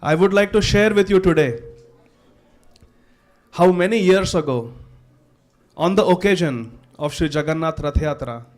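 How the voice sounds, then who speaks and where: A man's voice: on the high side, unhurried, long pauses, darkish tone, lightly acted. A man playing a devout, regal king of Odisha, addressing the audience in a formal, stately live stage monologue. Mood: regal storytelling. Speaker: actor in a festival drama.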